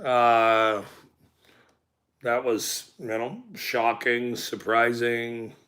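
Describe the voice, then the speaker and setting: A man's voice: mid-range voice, flat delivery, drawn-out words, bright, forceful tone. A man ranting with heavy swearing and then chatting casually, laughing often and rambling as he talks to his viewers.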